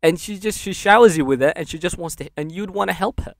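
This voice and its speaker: A young man from Sudan, a podcast guest, candidly recounting a hard childhood in casual speech and laughing through dark memories. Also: high voice, quick pace, no echo. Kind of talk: casual interview storytelling.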